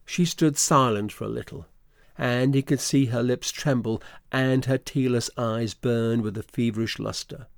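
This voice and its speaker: A male narrator tells a classic story in a measured way. His voice has a gravelly texture, and the recording is dry and close. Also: mid-range voice, steady tone, no room sound. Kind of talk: scripted narration.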